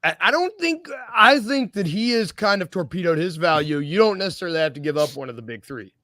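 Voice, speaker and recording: A man's voice: on the high side, expressive, quick pace, sharp tone, no echo. A man hosting a casual sports podcast, rambling and joking, often correcting himself mid-sentence. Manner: rambling, self-correcting, jokey. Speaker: podcast host.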